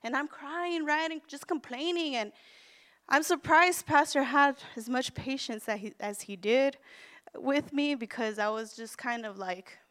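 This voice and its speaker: A woman minister preaching a sermon, counting off numbered points and then candidly telling a personal story with gentle self-deprecation. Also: high-pitched, a little slow, clean tone. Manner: earnest, counts off numbered points, quotes scripture.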